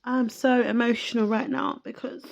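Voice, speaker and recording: Woman podcaster, emotional and reflective, unhurried, raspy fry in her voice. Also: on the high side, steady tone, muffled recording. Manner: slow, reflective, repeats herself. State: emotional, close to tears. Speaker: podcast host. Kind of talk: emotional personal monologue.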